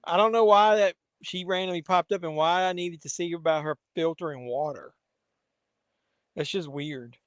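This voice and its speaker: A man's voice: a little high, moderate pace, fairly bright tone, clear, resonant tone, no echo. A man hosting a casual live watch-along stream, rambling to chat viewers between asides. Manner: rambling, talks to viewers and his pet.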